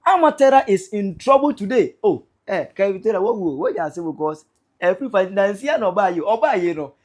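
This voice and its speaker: A woman with a Ghanaian accent gives an excitable, teasing commentary, reading out viewer comments. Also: medium pitch, a little fast. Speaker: online commentator. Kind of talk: animated commentary vlog.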